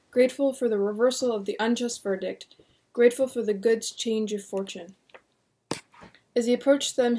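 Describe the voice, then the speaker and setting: A woman reading a horror novel aloud in a steady, measured narration. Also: medium pitch, slightly rough. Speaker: audiobook reader.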